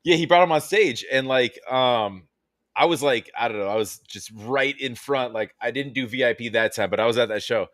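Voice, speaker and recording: A man's voice: mid-range voice, moderate pace, fairly bright tone, no room sound. Male co-host, casual stream chat, rambling and profane, dry close sound. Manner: rambling, lots of fillers and swearing.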